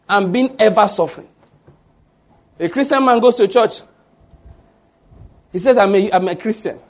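Husky-voiced preacher man. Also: sits high, normal speed, pauses often. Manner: emphatic, asks the congregation to fill in words; repeats and restarts words. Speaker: pastor. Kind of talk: sermon.

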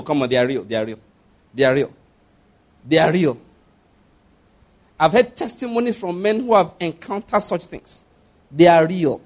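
High-pitched male preacher, emphatic and repetitive sermon delivery. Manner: emphatic, repeats phrases, asks listeners if they follow.

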